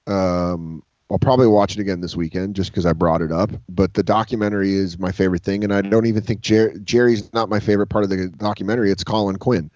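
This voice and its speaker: A comedian guest on a video call rambles through stories in casual interview talk, swearing freely and animatedly acting out other people's lines. His voice is on the low side with no echo, and the audio is dull and lo-fi.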